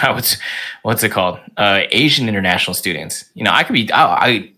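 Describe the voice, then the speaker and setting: Energetic young man, bright voice. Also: on the low side, fairly quick. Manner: energetic, animated storytelling full of fillers. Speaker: podcast guest. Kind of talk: casual chat.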